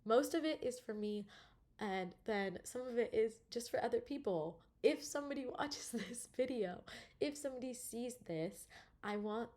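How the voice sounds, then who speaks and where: A woman's voice: fairly high pitch, animated, moderate pace, a little mellow. A young woman in a personal video diary, close to tears, laughing nervously between words and using many fillers. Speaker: vlogger.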